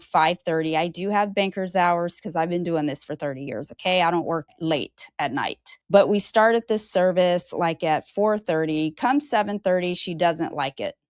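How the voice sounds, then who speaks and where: A woman in her fifties, a longtime hairdresser and salon owner, candidly telling a personal story from work and lively acting out the people she quotes. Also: smooth, no echo, clean studio sound. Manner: expressive, acts out quoted people with high animated voices.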